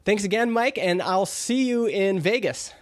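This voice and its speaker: A man's voice: high voice, lively intonation, measured pace, no room sound. A male podcast host talking in a casual, chatty and upbeat way, acting out little quoted exchanges as he goes.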